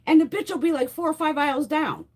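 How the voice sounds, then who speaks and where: A woman's voice: high voice, fast. A woman hosting a casual makeup livestream, telling blunt, heavily profane stories while chatting with viewers. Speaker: beauty livestream host. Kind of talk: casual live chat while doing makeup.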